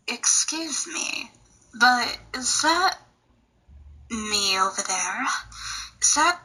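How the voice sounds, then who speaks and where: A woman voicing a haughty female villain, lowering her voice and dropping into whispers. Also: bright, forceful tone, slightly rough, heavily acted, low-quality recording. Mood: puzzled. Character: haughty lady villain from another dimension.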